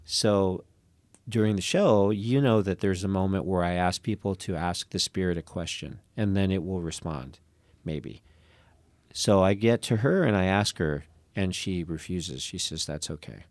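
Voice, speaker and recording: A man who is a podcast guest and comedic performer, telling an anecdote in an animated way, often restarting phrases and laughing as he goes. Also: low-pitched, moderate pace, no room sound.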